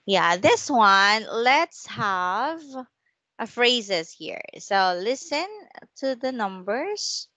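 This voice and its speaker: Over a video call, a woman teaches a one-on-one online English lesson, speaking slowly and encouragingly as she models words for the student to repeat. Her medium-pitched voice is expressive, pushed and bright, with no room sound.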